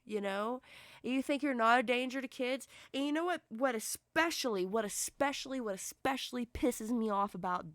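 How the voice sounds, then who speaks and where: A woman's voice: a little high, normal speed, a bit bright, dry recording, studio quality. A young woman ranting angrily in a vlog commentary, cursing heavily and restarting her sentences. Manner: heated profane rant with frequent restarts. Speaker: commentary vlogger.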